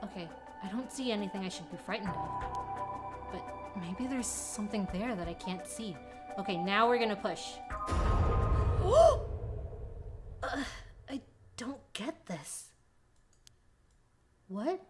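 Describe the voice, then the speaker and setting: A woman streaming a horror game, reading the dialogue aloud and reacting dramatically. She swings between hushed whispers and sudden yelps. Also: mid-range voice, animated, measured pace, long pauses, over loud music.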